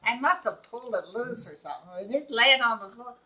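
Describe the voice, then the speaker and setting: An older woman telling a lively personal story, laughing often and acting out the people in it. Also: fairly high pitch, quick pace, poor audio. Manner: acts out quoted dialogue. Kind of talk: casual anecdote.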